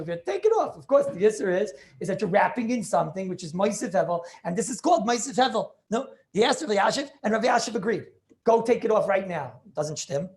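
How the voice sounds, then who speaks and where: A man's voice: high-pitched, darkish tone. A man teaching a class as a rabbi, lecturing on religious law, emphatic and thinking aloud as he questions his students over a video call.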